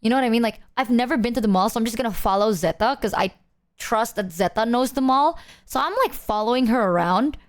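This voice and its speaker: A woman's voice: on the high side, quick pace. A young woman streamer telling a long story to her viewers, rambling with lots of fillers and laughing often. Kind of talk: casual chat to stream viewers.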